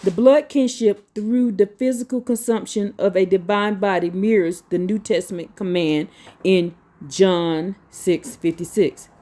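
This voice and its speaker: A woman reading religious notes slowly, then breaking into blunt, profane, scolding asides. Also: medium pitch, dark tone. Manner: slow deliberate reading broken by scolding rants. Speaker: religious teacher.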